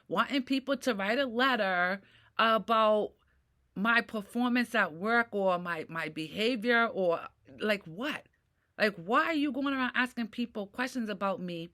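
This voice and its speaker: A woman's voice: medium pitch, sharp tone. A middle-aged woman vlogging in a ranting monologue who swears and keeps asking "right?". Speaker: mental health vlogger. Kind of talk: personal venting monologue.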